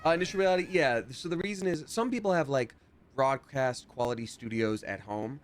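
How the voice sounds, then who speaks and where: A young man streaming a game from home, chatting loosely and rambling between thoughts. His voice sits at an ordinary middle pitch, with a relaxed, easy-going delivery. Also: brisk. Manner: chatty, rambling, reads chat aloud. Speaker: streamer and voice actor. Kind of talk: casual livestream gameplay chat. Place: home recording setup.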